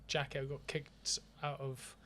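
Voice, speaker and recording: A man with a medium-pitched voice and measured pace co-hosts a podcast in casual chat. He tells animated anecdotes, swearing a lot and often laughing.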